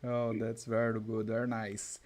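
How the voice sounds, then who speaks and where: A man's voice: fairly low pitch, monotone, normal speed, crowd noise. Easygoing male host of a live talk show. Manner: friendly, laughs readily, many "uh" fillers. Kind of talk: casual live interview.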